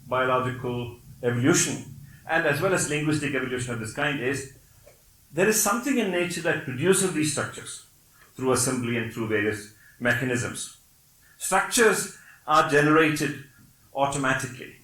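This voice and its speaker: This rough, roomy recording captures a slightly high, bright, forceful male voice. The speaker is an older Malayalam-speaking man from Kerala, India, lecturing in Malayali-accented English. He explains things patiently, punctuating with frequent "Okay?" checks and the occasional wry laugh.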